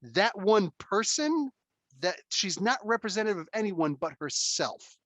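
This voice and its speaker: A man hosting a casual podcast chat, telling stories in an animated, emphatic way and swearing freely. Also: high voice, a little slow, no echo. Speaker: podcast host.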